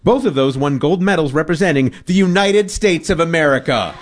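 A male quiz host with a slightly high voice that swoops all over the place. He reads each question and fun fact playfully and keeps things bouncy. His delivery sounds like a lively radio game. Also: brisk.

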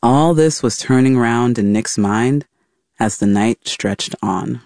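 A man narrating a scripted documentary story in a measured, dramatic way. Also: mid-range voice, vocal fry, a little mellow, no echo, clean studio sound.

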